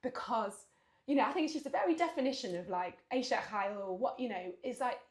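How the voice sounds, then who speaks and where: A woman's voice: fairly high pitch, fairly quick, reverberant. A woman, co-hosting a casual podcast chat and telling stories animatedly, acting out what people said. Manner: animated storyteller, acts out quotes, laughs often. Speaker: podcast co-host.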